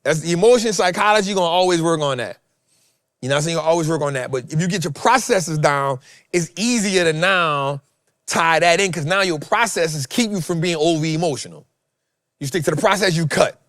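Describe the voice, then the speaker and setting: Animated, preachy man with a dry, close sound. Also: a little high, a little fast, dry recording. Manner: animated, swings loud and soft, repeats phrases. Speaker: host. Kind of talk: preachy motivational talk.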